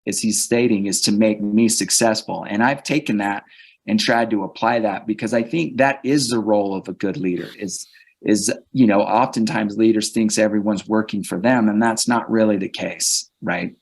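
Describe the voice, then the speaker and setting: A man's voice: lowish voice, fairly even intonation, moderate pace, gravelly. A man speaking as a guest on a leadership podcast, earnest and reflective, often restarting his sentences. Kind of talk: conversational interview.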